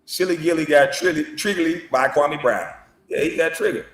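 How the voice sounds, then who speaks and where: A man's voice: on the high side, moderate pace, a bit bright, reverberant, distant mic. A man trash-talking in mocking video commentary, taunting his critics. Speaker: online commentator.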